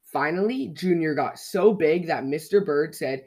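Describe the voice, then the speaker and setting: A podcast storyteller reading a children's picture book aloud with a lively, expressive delivery. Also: medium pitch, measured pace.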